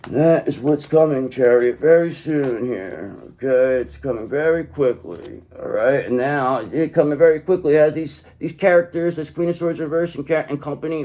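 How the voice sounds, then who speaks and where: A man's voice: mid-range voice, darkish tone. A man giving a tarot reading to the viewer, speaking emphatically and tagging nearly every point with "okay?". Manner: emphatic, keeps adding "okay?" after each point. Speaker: tarot reader.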